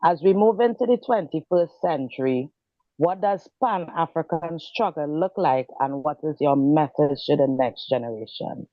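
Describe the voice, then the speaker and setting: A woman's voice: low-pitched, expressive, normal speed, no echo. Polite woman on a dull lo-fi line. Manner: polite, formal greeting. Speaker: caller asking a question. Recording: dull lo-fi sound.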